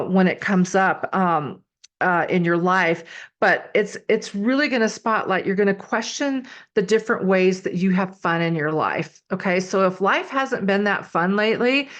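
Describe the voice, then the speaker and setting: Chatty woman giving horoscope readings. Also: mid-range voice. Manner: chatty, lots of fillers and "okay?" check-ins. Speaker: astrology YouTuber. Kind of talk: casual horoscope talk to camera.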